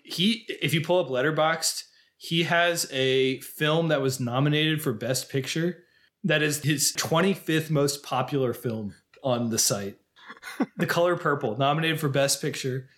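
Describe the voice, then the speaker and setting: A man's voice: fairly high pitch, measured pace, a bit bright. A man co-hosting a podcast, chatting casually about films and laughing easily. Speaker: podcast co-host. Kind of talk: casual film chat.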